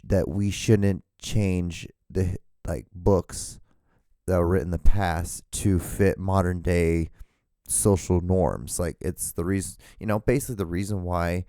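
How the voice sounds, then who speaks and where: A man's voice: deep voice, warm tone, dry recording, clean studio sound. A man hosting a solo podcast, rambling and ranting with lots of swearing and restarts. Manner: rambling and profane, rants with frequent restarts. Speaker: podcast host.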